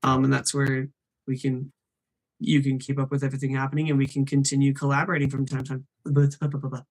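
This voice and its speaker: A man's voice: medium pitch, monotone, fairly quick. A man hosting a live stream, chatting in an upbeat way and reading names from the chat.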